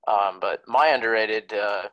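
A man's voice: on the low side, a little slow, no echo, muffled recording. A young man co-hosting a casual sports podcast, laid-back and jokey, rambling a little. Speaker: podcast co-host.

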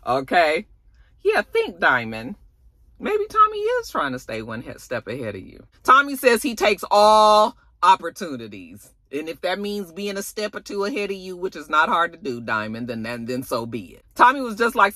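A young adult woman recapping a TV episode in a sassy, animated, casual way, acting out the characters' lines. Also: mid-range voice, moderate pace, no echo. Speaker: TV show reviewer.

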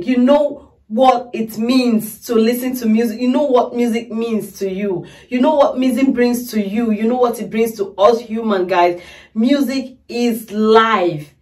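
A woman's voice: fairly high pitch, darkish tone, far from the mic. A woman hosting a music reaction video, tearful and overwhelmed, gushing and repeating her exclamations to her viewers. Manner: effusive, repeats exclamations, keeps calling viewers "guys". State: tearful, crying. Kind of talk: emotional reaction vlog.

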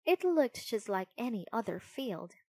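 Slow, expressive woman storyteller. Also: fairly high pitch, dry recording. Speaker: narrator. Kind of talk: children's storybook reading.

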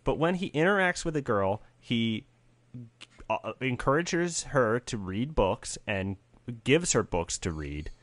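Male podcast co-host, lively pitch, rambly, dry recording. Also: slow pace, no echo. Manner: animated, rambling explanations. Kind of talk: casual chat.

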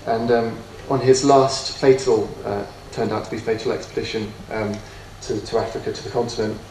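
A man's voice: fairly low pitch, steady tone, normal speed, darkish tone. Man lecturing from afar, hesitant. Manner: hesitant, many ums and restarts, self-deprecating. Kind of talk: autobiographical lecture. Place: lecture room. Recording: echoey room from far off, faint noise.

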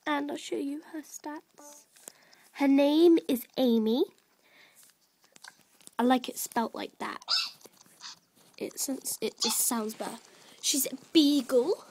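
A woman's voice: high voice, unhurried, long pauses, a little mellow. A woman chatting casually and rambling with many fillers while she shows off her virtual pets. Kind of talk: casual gameplay chat.

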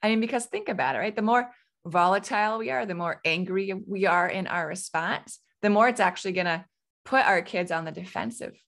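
A woman in her thirties hosts a parenting podcast, offering advice solo in a chatty, coaching style and tossing in "right?" often. Her voice sits mid-range, creaky and fairly bright, and she talks fairly quickly.

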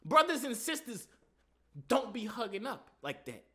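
A man's voice: very high-pitched, measured pace, slightly rough. A man hosting a reaction video, talking in casual slang and mocking what he sees. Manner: slangy, animated, mocking, repeats "you know what I'm saying".

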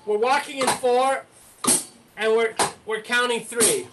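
A woman with a somewhat high voice leads a rhythm lesson. She counts beats and chants rhythm syllables in a steady pulse between short coaching remarks. Clear noise sits behind her voice. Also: takes it slowly. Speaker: rhythm teacher.

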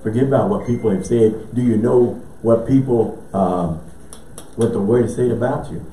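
A male pastor preaching with emphatic repetition and sudden shouts of praise. His mellow, darker voice carries from a distance through an echoing church, with a faint hiss underneath. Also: mid-range voice, normal speed. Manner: emphatic, repeats phrases, bursts of laughter and shouts. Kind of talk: sermon with call-and-response. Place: church sanctuary. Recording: echoey church, mic at a distance, faint noise.

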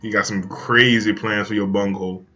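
A young man streaming a card game, riffing in an animated, profane, storytelling banter. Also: fairly low pitch, moderate pace, dull audio, faint music behind. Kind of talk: comedic riffing while playing a card game.

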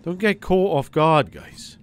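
A man giving gameplay commentary as a let's play host; he is excitable and jokey and swears a lot. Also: fairly high pitch, slow pace, clear, resonant tone.

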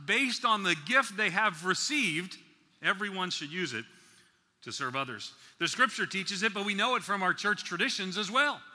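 A man from the New York City area preaching at a conference, slowing down to stress key words and dropping in playful asides. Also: high-pitched, expressive, pushed and bright. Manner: slow deliberate emphasis, playful asides. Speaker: conference speaker. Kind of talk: sermon. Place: large conference hall. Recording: reverberant hall.

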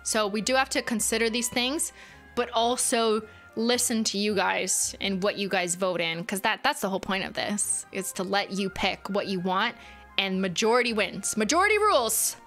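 A woman's voice: medium pitch, fairly even intonation, moderate pace, fairly bright tone, faint music behind. A woman hosting a casual livestream, chatting with viewers and thinking aloud with lots of "like"s. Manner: thinks aloud, chatty, many filler likes. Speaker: livestream host.

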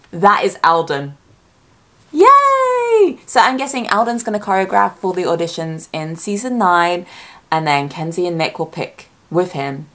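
A woman talking casually as a YouTuber reacting to a trailer, chatty and excitable, thinking aloud and correcting herself as she goes. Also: mid-range voice. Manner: speculative fan talk, often self-correcting.

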